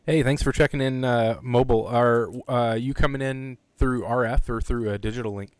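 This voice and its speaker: A man hosting an amateur radio net in easygoing casual chat, chuckling often and filling pauses with ums and uhs. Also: mid-range voice, fairly even intonation, clean tone, dry recording.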